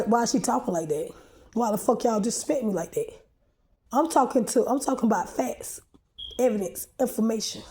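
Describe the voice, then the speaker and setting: A woman delivers a rambling monologue to her own camera, agitated and confrontational, swearing freely. Her voice sits a little high for a woman yet sounds dark and mellow. She stumbles, restarts and repeats words as she pushes on. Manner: agitated, profane, confrontational ranting. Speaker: vlogger posting a video.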